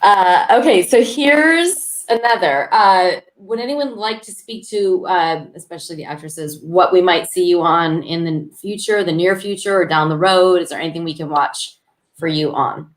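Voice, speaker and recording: A woman's voice: fairly low pitch, normal speed. A woman moderating a panel on a video call, asking the guests casual, friendly questions.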